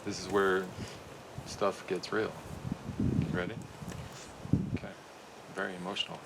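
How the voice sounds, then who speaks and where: Deep-voiced, joking wedding officiant. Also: male voice, little pitch movement, measured pace, long pauses, background noise. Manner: casual, joking, breezy. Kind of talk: informal wedding ceremony.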